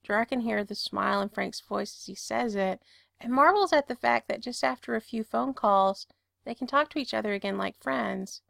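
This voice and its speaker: Woman reading a story out loud, steady and calm, gravelly fry, dry close mic. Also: on the high side, moderate pace, no room sound. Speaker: narrator. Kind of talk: reading fan fiction aloud.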